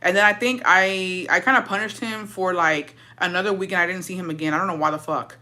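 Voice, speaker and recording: A young woman talks into her phone and headphones on a live stream, dishing a story with blunt, profane energy. Her voice sits fairly low but comes across bright and sharp, full of animated swings. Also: fairly quick.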